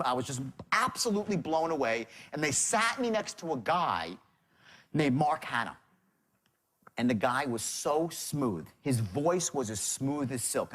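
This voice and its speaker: A man's voice: on the high side, a bit bright. A man teaching sales in a seminar lecture, emphatic, quizzing the audience and answering himself. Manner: emphatic, asks the audience questions and answers them. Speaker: sales trainer.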